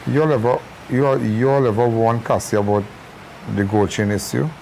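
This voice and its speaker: A man's voice: medium pitch, brisk, gravelly, dark tone, a little hiss or hum, rough recording. A Trinidadian man interviewing, mostly giving brief acknowledgements and asking short questions.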